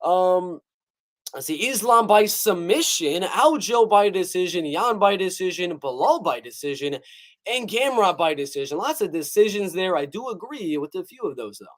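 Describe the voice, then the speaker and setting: Young male livestream host, high voice, casual and jokey, reads out chat comments. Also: lively intonation, moderate pace. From North Carolina. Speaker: MMA prediction livestream host.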